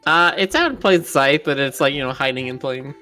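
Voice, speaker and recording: Bright chatty guy telling a story on a stream, soft music under it. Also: medium pitch, lively intonation, fairly quick. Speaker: streamer co-host. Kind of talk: casual stream chat.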